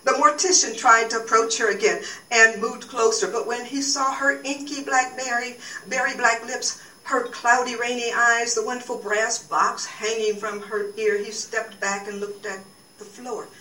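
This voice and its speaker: A woman who teaches at a university, giving a lecture and reading from a novel, with halting speech full of fillers and restarts. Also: fairly high pitch, steady tone, sharp tone, slight background noise. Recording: echoey room, far from the mic.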